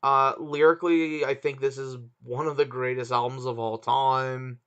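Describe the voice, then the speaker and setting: A man's voice: mid-range voice, little pitch movement, normal speed, a bit bright, smooth. A man co-hosting a casual podcast chat, hesitant and searching for words. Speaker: podcast co-host. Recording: dull lo-fi sound.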